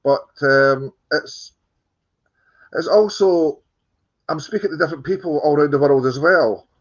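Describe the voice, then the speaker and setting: A Scottish man speaking as an interview guest, his voice a touch high for a man. He tells his story earnestly, padding it with ums and slipping in dry jokes. The call sound is dull and lo-fi. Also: measured pace. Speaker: guest film producer. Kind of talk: casual interview chat.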